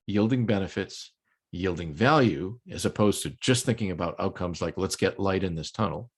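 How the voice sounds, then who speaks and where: An older man from the United States lecturing a project management audience in a conference talk, explanatory with frequent ums and light jokes. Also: on the low side. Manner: explanatory, occasional filler ums, light joking.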